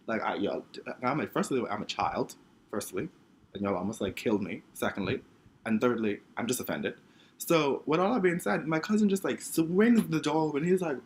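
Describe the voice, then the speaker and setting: A man's voice: medium pitch, expressive, normal speed, slight background noise. A young man from the Bahamas, dramatically telling a funny story from his childhood in a self-mocking way. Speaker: vlogger. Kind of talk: story time monologue.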